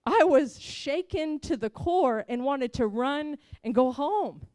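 Woman preacher giving an earnest testimony, slightly high voice. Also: animated, slow pace, darkish tone, dry recording. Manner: earnest, heartfelt storytelling. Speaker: preacher sharing a mission testimony. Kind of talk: personal testimony sermon.

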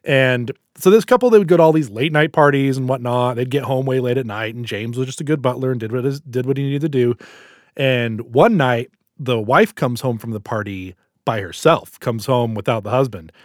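A man's voice: medium pitch, a little fast, dry recording, clean studio sound. A man hosting a podcast, telling jokes in a casual, storytelling way. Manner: storytelling, animated delivery. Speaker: podcast host.

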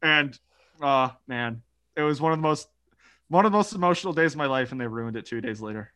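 A man's voice: medium pitch, animated, a little fast, sharp tone, clear, resonant tone. A young man co-hosting a casual sports podcast, telling a story animatedly with swearing and laughter. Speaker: podcast co-host. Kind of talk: casual chat.

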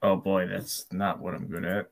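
A man at a tabletop game with a low, gravelly voice full of fry. He talks in a dry, wry way. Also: little pitch movement, normal speed. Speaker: player.

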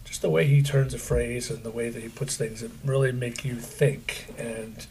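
A man's voice: medium pitch, steady tone, moderate pace, darkish tone, slight background noise. A middle-aged man from central Pennsylvania, co-hosting a podcast in a chatty, joking, self-deprecating way. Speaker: podcast co-host. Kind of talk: casual podcast chat.

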